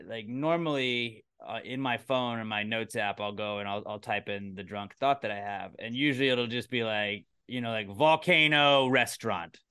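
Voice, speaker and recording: A man's voice: mid-range voice, sharp tone, clean tone, no echo, studio quality. A man hosting a comedy podcast, chatting casually and rambling with lots of filler words. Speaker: podcast host.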